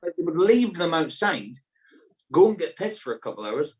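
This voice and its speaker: A man's voice: a little high, very animated, moderate pace, darkish tone, far from the mic, poor audio. A man, a guest comedian in casual chat, who acts out scenes in silly voices.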